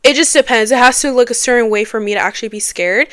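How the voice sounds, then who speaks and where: A woman's voice: fairly high pitch, fast talker, fairly bright tone, no room sound. A young woman hosting a casual podcast from her living room, chatty and laughing often. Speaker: podcast host. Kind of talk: casual chat.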